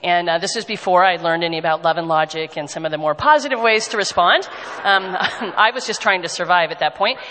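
Lively woman telling a story in a hall. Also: lowish voice, fairly quick. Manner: animated, laughing storyteller. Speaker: pastor's wife sharing a story. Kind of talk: storytelling to a congregation.

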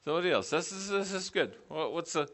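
A man's voice: a little high, animated, quick pace, a bit bright. A middle-aged man teaching a preaching class, putting questions to the group and repeating back their answers.

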